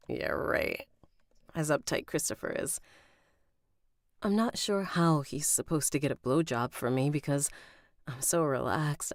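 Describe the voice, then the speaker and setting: A woman's voice: low-pitched, unhurried, no room sound, studio quality. A woman recording an audiobook on a live stream, rereading lines and stopping to comment and laugh at herself. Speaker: audiobook narrator.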